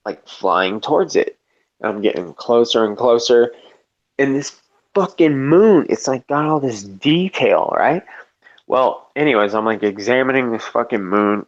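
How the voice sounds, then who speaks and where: A man's voice: medium pitch, measured pace, highs cut off. A man telling a long story in casual chat, rambling and profane, full of "like" and restarts. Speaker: storyteller in a live debate chat.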